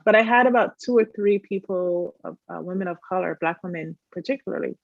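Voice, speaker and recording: A woman hosting an interview, talking in a lively, chatty way with many fillers and quick laughs. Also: on the low side, creaky, no echo. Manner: animated, laughs often, lots of fillers. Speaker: host. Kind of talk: casual interview chat. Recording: muffled dry video-call audio.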